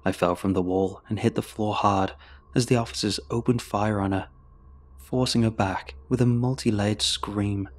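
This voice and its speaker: Low-voiced man narrating a horror story. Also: steady tone, normal speed. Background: faint music.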